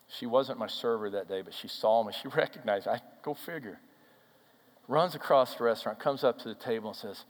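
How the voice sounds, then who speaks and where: A man preaching from the pulpit, telling a story and then driving the point home. He moves between loud, ringing declarations and quiet, intimate near-whispers. His voice carries a long reverb off the sanctuary walls, with a mid-range pitch. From Minnesota, USA. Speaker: pastor. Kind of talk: sermon. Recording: hall reverb.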